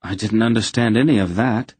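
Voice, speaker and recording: A man voicing a calm, wise older woman who answers matter-of-factly. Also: fairly low pitch, fairly quick, husky, dry recording, voice pushed up. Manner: calm, matter-of-fact, lightly dry.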